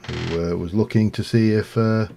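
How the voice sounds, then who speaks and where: Deep gravelly rambling man. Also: steady tone, moderate pace, dark tone, slight background noise. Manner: rambling, chatty, with fillers and chuckles. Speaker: live streamer. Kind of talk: casual chat while playing a game.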